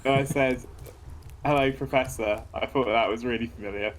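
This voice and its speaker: A man co-hosting a game playthrough, talking in a rambling, halting way with lots of fillers. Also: medium pitch, slight background noise. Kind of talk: casual chat over gameplay.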